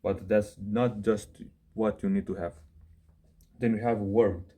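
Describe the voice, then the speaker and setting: A man's voice: on the low side, steady tone, slow, warm tone, breathy edge. A young man, a self-improvement coach, giving casual advice straight to camera in a blunt rant, swearing, saying "bro" often and correcting himself mid-sentence. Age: young adult.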